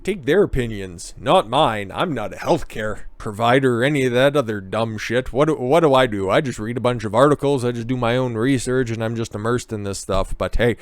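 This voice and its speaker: A man's voice: mid-range voice, fairly quick, few pauses, dry recording. A man hosting a political commentary show. He talks sarcastically and swears often, with mocking asides.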